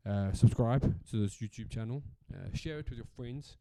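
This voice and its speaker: A man's voice: mid-range voice, normal speed, mellow, no echo. A South African man hosting a solo podcast in a casual, rambling rant, swearing freely and repeating himself for emphasis. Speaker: podcast host.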